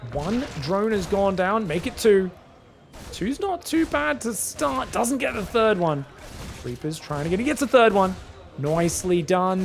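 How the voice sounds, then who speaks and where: A man commentating a strategy game solo, quick excitable play-by-play with casual asides to his viewers. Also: high-pitched, a little hiss or hum. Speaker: esports caster.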